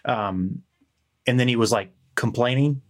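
A man's voice: medium pitch, measured pace. A man in casual chat, telling a meandering story and swearing now and then.

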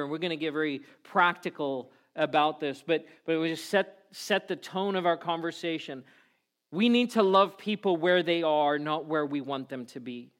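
Animated pastor, man preaching. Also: fairly high pitch. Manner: animated storytelling with acted-out voices. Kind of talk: sermon. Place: church.

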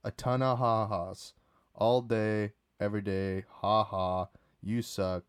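A man's voice: lowish voice, steady tone, slow, clean tone, no room sound, studio quality. A young man telling a casual, rambling story about a night out, full of restarts and fillers.

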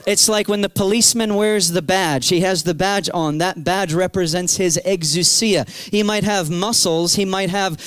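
A man in his thirties preaching a sermon, telling his story with animated energy and acting out his own past cries. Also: high voice, normal speed, hardly any pauses, clear, resonant tone, no echo. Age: 30s.

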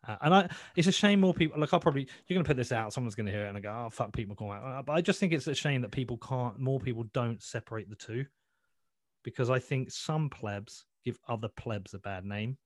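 A man's voice: mid-range voice, lively intonation, brisk, dry recording, studio quality. A man talking as a podcast guest in a blunt, sweary, rambling way, often restarting his sentences. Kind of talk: casual interview chat.

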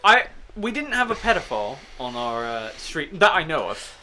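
A young man chatting casually with friends, recalling neighbours in a lively, joking way. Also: fairly high pitch, normal speed, a little hiss or hum. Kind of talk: casual banter.

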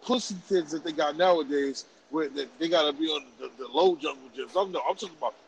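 A man around forty, telling a story in animated, profane, laughing casual podcast chat. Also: on the high side, quick pace, vocal fry, slight background noise, rough recording. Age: about 40. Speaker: podcast host.

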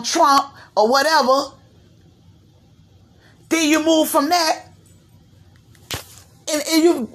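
A woman from Florida hosting her own podcast, giving a slangy, animated commentary rant and slipping into mimicry of others. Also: sits high. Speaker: podcast host. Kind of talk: ranting commentary monologue.

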